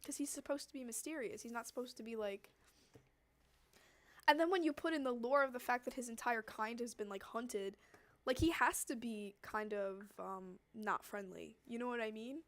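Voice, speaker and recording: A young woman with a slightly high voice chats loosely with her viewers while she works on a drawing. She rambles, laughs often and trails off mid-thought, and a cough has left her throat scratchy. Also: moderate pace, a bit bright. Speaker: streamer chatting with viewers. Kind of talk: casual chat while drawing.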